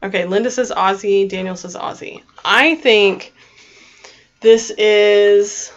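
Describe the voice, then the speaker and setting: A woman's voice: medium pitch, slow, highs cut off. A woman with a Texan accent co-hosting a live stream, reading chat aloud and thinking through her guesses hesitantly. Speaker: livestream co-host reading chat. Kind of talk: casual chat.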